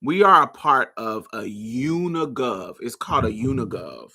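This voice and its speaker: Bright-voiced man from Indianapolis. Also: medium pitch, sing-song, a little slow, vocal fry, breathy edge. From Indianapolis, USA. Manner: loose, profane, keeps asking listeners "y'all following me". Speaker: podcast host. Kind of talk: casual livestream commentary.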